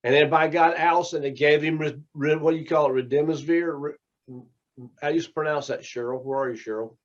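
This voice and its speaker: A man's voice: a little high, steady tone, a little fast. A man teaching a small class, talking in a rambling, conversational way as he tells stories. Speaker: teacher and minister. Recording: dull lo-fi recording.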